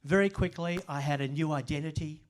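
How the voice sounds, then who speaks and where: An older man speaks at a library event, spinning humorous stories at his own expense. His voice sits slightly higher than most men's. He keeps an easy storytelling tone. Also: brisk. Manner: self-deprecating humorous storyteller. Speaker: author giving a talk. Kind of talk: storytelling presentation.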